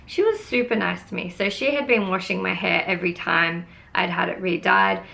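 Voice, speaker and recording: A woman's voice: lowish voice, normal speed, gravelly, pushed and bright. A young woman telling a storytime vlog, exasperated and swearing casually as she vents. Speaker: beauty vlogger.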